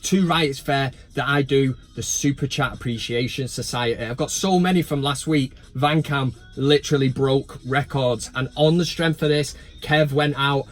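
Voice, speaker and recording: A man's voice: medium pitch, normal speed, few pauses. A young man hosting a football fan vlog, talking in blunt, sweary banter. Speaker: football fan channel host. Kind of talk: casual vlog commentary.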